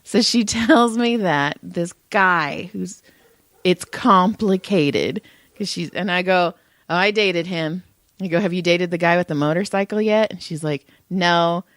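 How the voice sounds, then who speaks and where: Her voice sits on the low side and her pace is unhurried as she co-hosts a podcast, a woman in her thirties swapping stories in easygoing chat, animated and often laughing. The recording is dry with clean studio sound.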